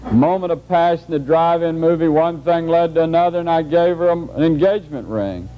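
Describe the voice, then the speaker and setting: Man voicing a glum young fiancé, a little higher than normal, muffled tape. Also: a little fast, natural voice. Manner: resigned, listing excuses.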